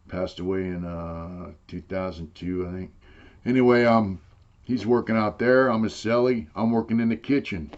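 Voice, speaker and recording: A man's voice: fairly low pitch, a little mellow, dull audio. An older man telling a long story in casual, rambling talk, swearing freely and saying "you know" again and again. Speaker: interviewee telling prison stories.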